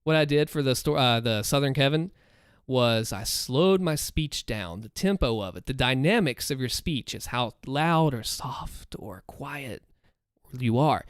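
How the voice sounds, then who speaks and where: A man's voice: mid-range voice, lively intonation, measured pace, smooth, dry recording, studio quality. A man in his thirties hosting a livestream, chatting casually and upbeat with his viewers. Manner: upbeat, chatty, talks to chat. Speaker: livestream host and story narrator.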